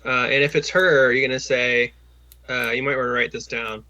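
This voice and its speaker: A man's voice: mid-range voice, fairly even intonation, moderate pace, pushed and bright. A man working as a job coach, talking someone through a phone call in a patient, encouraging way with lots of fillers and restarts, over a video call.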